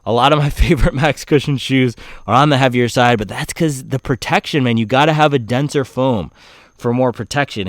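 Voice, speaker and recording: A man's voice: mid-range voice, dry recording. Laid-back slangy man, dry sound. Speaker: running shoe reviewer. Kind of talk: casual product review.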